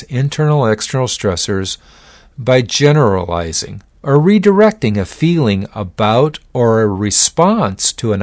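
A man with a mid-range, darkish voice gives an informal talk on psychology and addiction, folksy and conversational, acting out examples as he goes. There's no room sound.

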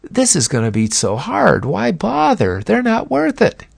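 A preacher voicing a sly, taunting male devil in a high, coaxing voice that sometimes drops to a hissed whisper. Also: huge pitch swings, unhurried, gravelly, husky, dry recording, heavily acted. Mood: wheedling. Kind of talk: sermon illustration.

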